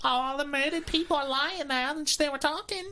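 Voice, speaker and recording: A man voicing a chatty old English villager on the way to the shop, in a high, fluty put-on voice, as a comic impression in casual chat. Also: normal speed, heavy background noise. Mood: gossipy.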